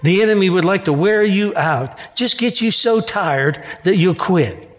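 A man with a high voice preaches in a church, moving between quoted scripture and relaxed, joking asides. His words ring out with a long echo from the hall around him. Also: a little slow. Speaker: pastor. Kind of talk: sermon.

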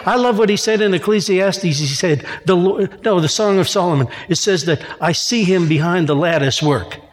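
A high-voiced male pastor delivers a sermon at normal speed, alternating between quoted scripture and easygoing, humorous asides. The church hall around him lends his words a long, ringing echo.

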